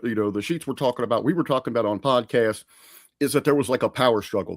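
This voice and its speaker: A man's voice: medium pitch, no echo. Chatty male podcast co-host, dry sound. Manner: conversational, many fillers and restarts. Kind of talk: casual podcast review chat.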